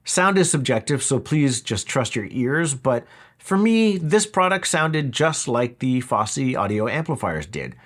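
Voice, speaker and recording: A man's voice: medium pitch, big pitch swings, measured pace, fairly bright tone. A man talking through a product review in a casual, wry, conversational way. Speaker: audio equipment reviewer.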